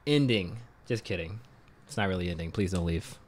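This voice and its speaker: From a room at home, a man streams a game and chats casually, joking, swearing, and laughing a lot. His voice is low-pitched and fairly quick.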